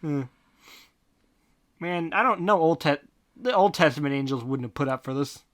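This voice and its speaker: A podcast host reading fan fiction aloud in a deadpan tone, breaking off for snarky comments. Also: medium pitch, normal speed. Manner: deadpan reading broken by snarky asides and laughter. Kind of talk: comic fanfic reading with asides.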